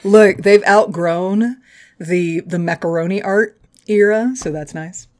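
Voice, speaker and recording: A woman's voice: mid-range voice, takes it slowly, a little mellow. Woman cohosting a podcast, jokey, swears a bunch, laughs easy, mid voice. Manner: joking, swears freely, laughs often. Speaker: podcast co-host. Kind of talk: casual chat.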